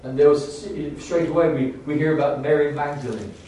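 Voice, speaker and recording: Brief: a man preacher in a church, slightly high voice, stumbling restarts then fervent bursts, faint hum behind. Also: mellow. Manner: halting, full of restarts and fillers, rising to fervent emphasis. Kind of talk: sermon. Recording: echoey church hall, distant mic.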